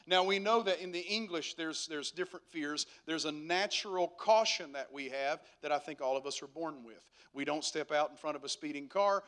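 A man's voice: fairly high pitch, a bit bright. A man preaching a sermon as pastor, emphatic, asking rhetorical questions and repeating phrases for effect.

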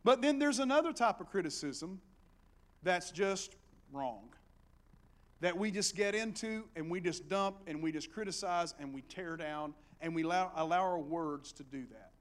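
A middle-aged man with an Appalachian accent, preaching a sermon and swinging between hushed storytelling and loud exhortation. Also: high voice, expressive, moderate pace.

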